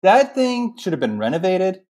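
A young adult man co-hosting a podcast, talking in animated tangents full of fillers. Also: high voice, moderate pace. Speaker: podcast co-host. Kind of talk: casual film recap chat.

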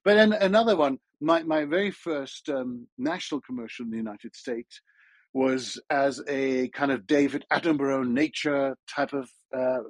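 A man's voice: medium pitch, normal speed, no echo. A Dutch man speaking English with a blended Dutch and British accent, telling stories on a panel in a chatty, self-deprecating way with stammered restarts. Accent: Dutch-tinged English with British traces. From Netherlands. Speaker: panel guest, voice actor. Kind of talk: casual panel chat.

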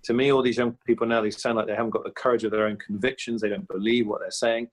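A man's voice: fairly low pitch, flat delivery, quick pace. A man in his fifties, a comedian talking as an interview guest, chatty and anecdotal, with frequent fillers and restarts. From England. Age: 50s. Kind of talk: reflective interview talk.

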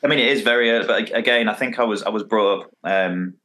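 A man's voice: lowish voice, fast. A man, a podcast guest chatting casually and recounting comedy scenes with relish. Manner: animated, quoting lines with relish. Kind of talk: casual chat.

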